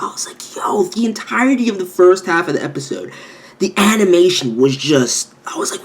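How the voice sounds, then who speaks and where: A man reviewing an anime episode with hyped, animated energy, swearing freely and jumping into exaggerated quoted reactions. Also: high-pitched, brisk, slight background noise. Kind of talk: excited video review commentary.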